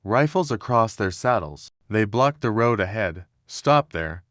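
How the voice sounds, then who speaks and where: Male narrator, low voice, measured, dry close sound. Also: no room sound. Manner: steady, measured storytelling with quoted dialogue read in the same voice. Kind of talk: scripted narration of a historical story.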